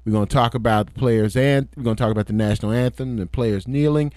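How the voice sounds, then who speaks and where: A man's voice: medium pitch, quick pace, a little mellow, no room sound, studio quality. A man hosting a casual talk show, playful and given to repeating himself as he sets up the topics. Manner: repetitive, playful. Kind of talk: casual chat.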